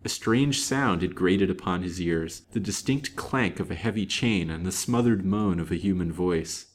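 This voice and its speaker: A man reading a serialized novel aloud in a measured, dramatic way. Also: sits low. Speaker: storyteller.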